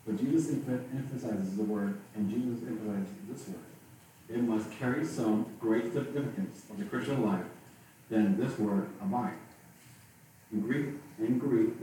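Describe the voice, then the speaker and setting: A man preaching a sermon as pastor, speaking haltingly and often restarting and repeating his words. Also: fairly low pitch, dark tone. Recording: very echoey, from far off, faint noise.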